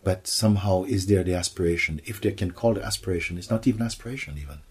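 A man's voice: deep voice, fast, slightly rough. A man giving a spiritual satsang talk, playful, slipping into acted voices and laughter. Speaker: spiritual teacher.

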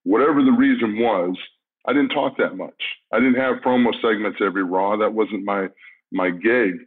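A man's voice: on the low side, moderate pace, breathy edge. A middle-aged man, a former wrestler guesting on a podcast, talking bluntly and laid-back with plenty of swearing. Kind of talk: casual interview chat. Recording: tinny phone-like line.

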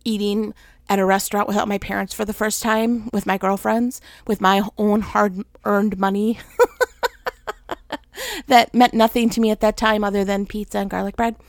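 A woman's voice: mid-range voice, level tone, a little fast, no echo, clean studio sound. A middle-aged woman hosting a personal faith podcast, talking candidly and with self-deprecating humor, worn out while recovering. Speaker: podcast host.

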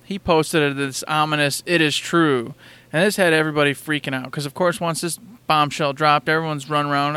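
Smooth-voiced man recapping news. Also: a little high, fairly even intonation, normal speed, sharp tone, dry recording. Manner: storytelling recap, acts out crowd reactions. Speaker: podcast co-host. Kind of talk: casual chat.

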